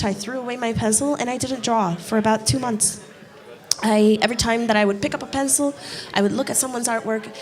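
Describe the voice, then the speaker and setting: A woman giving an informal inspirational talk on stage, candid and self-mocking, swearing freely and acting out what people said. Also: fairly high pitch. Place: event stage before a live audience.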